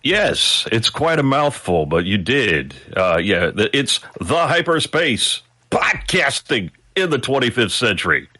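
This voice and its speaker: A man's voice: medium pitch, very animated, measured pace, hardly any pauses, pushed and bright, dry recording. A man guest-hosting a podcast, talking in a casual, thoughtful and wry way. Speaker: guest co-host.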